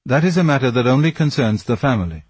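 A man's voice: mid-range voice, expressive, quick pace, a little mellow, slightly rough, dry recording, pitched above the performer's own voice. A man voicing an impatient, anxious young nobleman who gives short, clipped replies.

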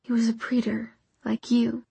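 A woman voicing a young woman who speaks softly and caringly. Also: a little high, level tone, measured pace, husky, exaggerated voice. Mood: tender. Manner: soft, hushed, caring. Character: young woman, tender and worried.

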